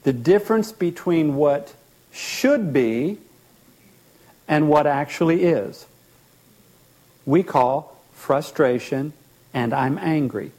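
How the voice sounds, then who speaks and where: A man teaching as a therapist, animated, often acting out short bits of dialogue and repeating words as he explains. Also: fairly high pitch, slow pace, pauses often.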